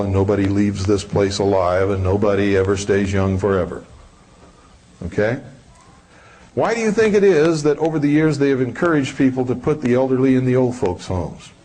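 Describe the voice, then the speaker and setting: A man's voice: lowish voice, a little mellow, poor audio. Blunt, combative man lecturing. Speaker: public speaker. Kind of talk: live lecture to an audience.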